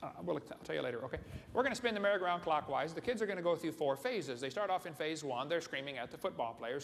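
A man's voice: on the high side, animated, quick pace. A man giving a humorous lecture to a live audience in a large hall, folksy and joking, often putting questions to the crowd. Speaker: seminar speaker. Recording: echoey hall, faint room noise.

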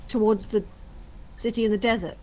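A woman's voice: fairly high pitch, fairly even intonation, a little fast, warm tone, slight background noise. A young woman chatting bluntly and joking with lots of swearing while playing a game with a friend. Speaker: gaming streamer. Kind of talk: casual gaming chat.

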